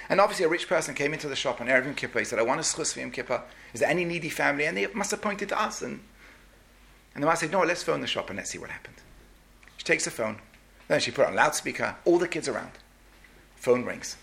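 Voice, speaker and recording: A man's voice: on the high side, vocal fry. A man preaching a sermon, telling a story and acting out the voices of the people in it. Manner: animated, acts out each person's voice.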